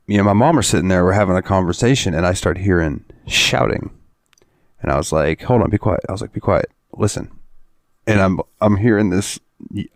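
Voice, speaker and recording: A man's voice: deep voice, no echo, clean studio sound. A man co-hosting a podcast, telling a rambling story in casual chat, laughing and swearing freely. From Florida. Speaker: podcast co-host.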